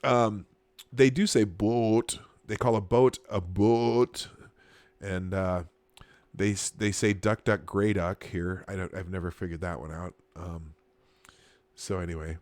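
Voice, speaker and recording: A man's voice: low-pitched, steady tone, moderate pace, a little mellow, dry recording. Minnesota guy w doing a live news chat show, sarcastic, laughs a lot, lots of ums. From Minnesota, USA. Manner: chuckling, sarcastic asides, frequent filler restarts. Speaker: live stream host. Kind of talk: casual live commentary reading chat and news.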